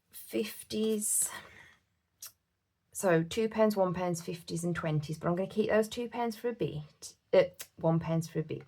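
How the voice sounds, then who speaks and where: A woman from the UK talks casually to her viewers at home, with a lowish voice that has a gravelly edge. Her speech is chatty and heartfelt, full of fillers and little asides. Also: darkish tone, slight background noise. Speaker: budgeting vlogger. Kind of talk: casual chat to camera.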